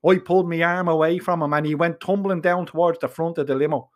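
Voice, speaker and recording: A man's voice: on the high side, steady tone, fast talker. A man with a Dublin Irish accent narrating a first-person audiobook in an earthy, salty, slang-filled way. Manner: salty, earthy storytelling with swearing and local slang.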